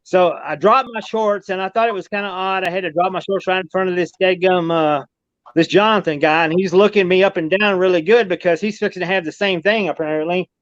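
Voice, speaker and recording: A man with a fairly high voice spins a long, rambling tale, repeating himself as he goes. His folksy speech comes through a dull, lo-fi line with no room sound around it. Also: brisk, dry recording. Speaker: podcast guest recounting an alien encounter. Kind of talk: casual storytelling.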